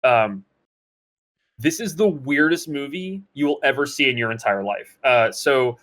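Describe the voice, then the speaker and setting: A man co-hosting a casual gaming podcast, telling a story in an animated way with many fillers and restarts. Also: mid-range voice, unhurried. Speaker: podcast co-host. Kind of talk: casual chat.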